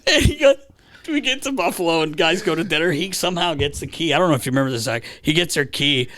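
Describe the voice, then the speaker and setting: A man hosting a podcast, telling stories casually, animated and laughing, swearing freely. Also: fairly high pitch, fast. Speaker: podcast host. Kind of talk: casual storytelling.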